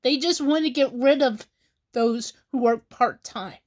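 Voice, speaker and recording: A woman records a personal vlog while fighting back tears. She speaks slowly and haltingly, sighs often and keeps apologizing. Her voice sits high. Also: darkish tone. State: crying, tearful. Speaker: vlogger.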